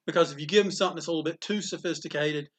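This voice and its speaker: A man, a comic shop owner, telling animated stories in a casual interview and acting out the voices of people in them. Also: a little high, racing, slight background noise. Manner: animated storyteller, acts out quotes, laughs often.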